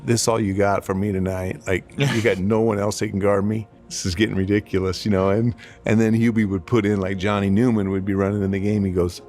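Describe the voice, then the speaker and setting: A former pro basketball player recounting a game in a relaxed, casual way. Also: male voice, fairly low pitch, brisk, hardly any pauses, soft background music. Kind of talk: casual storytelling.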